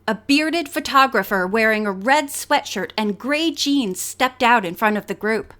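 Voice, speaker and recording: A woman narrating an audiobook with expressive storytelling. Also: on the high side, unhurried, hardly any pauses. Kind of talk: scripted narration.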